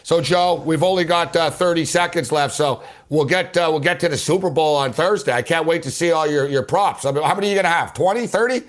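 A man hosting a sports talk radio show, arguing his takes on football trades in an animated, rapid way. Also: on the high side. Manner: animated, rapid, argumentative, keeps addressing his guest.

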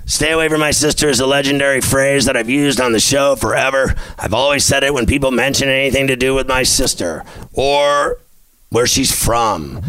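A man's voice: medium pitch, a bit bright, clean tone, dry recording, poor audio. A man hosting a sports podcast, talking in a brash, boastful and mock-tough comedic monologue.

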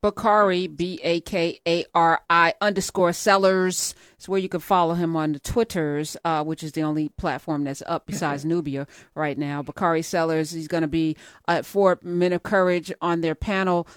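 A mid-pitched host teases a guest in a playful way during a casual video-call interview. The voice is close and dry, with no room sound around it. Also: fairly even intonation, moderate pace, hardly any pauses, smooth, no echo. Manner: teasing, playful.

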